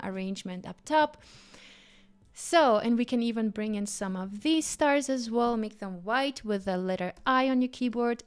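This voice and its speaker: A woman hosting a live design tutorial, bubbly and enthusiastic, a bit out of breath from excitement. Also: medium pitch, clean tone. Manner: bubbly and enthusiastic, frequent exclamations. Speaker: livestream design instructor.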